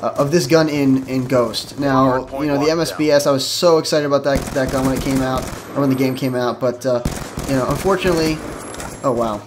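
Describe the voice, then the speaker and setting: A man giving casual commentary over his own gameplay, excitable, swearing and yelping when the action spikes. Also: mid-range voice, fairly quick. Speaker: gaming YouTuber. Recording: game noise behind voice.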